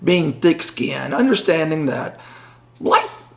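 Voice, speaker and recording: A man's voice: fairly high pitch, big pitch swings, slow, gravelly, fairly bright tone. A middle-aged man co-hosting a podcast, telling a story in casual chat and animatedly acting out the voices of the people in it. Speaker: podcast co-host.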